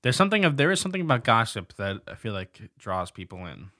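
A young man co-hosting a casual podcast chat, animated and exasperated, who swears freely and stutters. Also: lowish voice, fast talker, no echo, clean studio sound. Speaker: podcast co-host.

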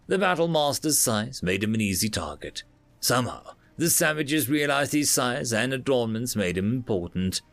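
Gravelly, expressive male storyteller. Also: medium pitch, no room sound. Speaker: narrator. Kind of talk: storytelling narration.

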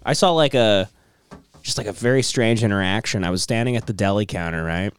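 A man's voice: fairly low pitch, fairly quick, clean tone, no room sound, studio quality. A man co-hosting a podcast, chatting casually and rambling through anecdotes in a loose, conversational way. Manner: rambling storyteller, acts out quotes in other voices. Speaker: podcast co-host. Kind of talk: casual chat.

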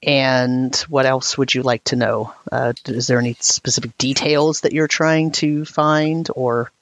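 Low-voiced woman running a tabletop game. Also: steady tone, a little slow, dry recording. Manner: descriptive, with frequent laughs. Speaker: game master.

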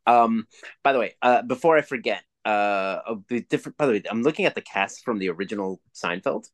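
A man in his forties co-hosting a podcast, chatting casually and telling profane, animated stories. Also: lowish voice, brisk, no room sound. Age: 40s. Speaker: podcast co-host. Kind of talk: casual chat.

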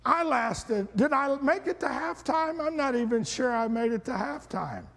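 A middle-aged man preaching a sermon as pastor, building from slow reading to shouted, fervent exhortation. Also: extremely high pitch, expressive, gravelly. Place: church sanctuary. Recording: long hall reverb.

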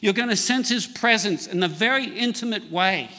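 High bright-voiced man preaching in a hall. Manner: preaching, quotes scripture with slowed emphasis, calls for amens. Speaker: pastor. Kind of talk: sermon. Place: church.

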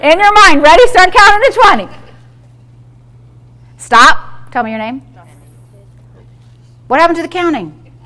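A woman pastor delivers an emphatic sermon with a very high voice. Her tone is bright and forceful as she drives each point home, calling for responses from the room. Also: big pitch swings, unhurried, pauses often. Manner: emphatic, call-and-response preaching.

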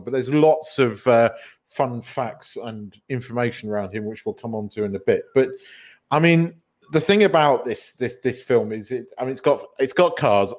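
A man hosting a casual film podcast, rambling and correcting himself, with the odd swear word. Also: mid-range voice. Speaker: podcast host.

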